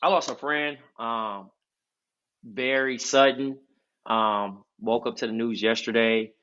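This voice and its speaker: Nasal-voiced man, bright and muffled. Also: mid-range voice, fairly even intonation, slow pace, smooth. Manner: loose, rambling storytelling with many fillers. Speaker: podcast co-host. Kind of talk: casual podcast chat.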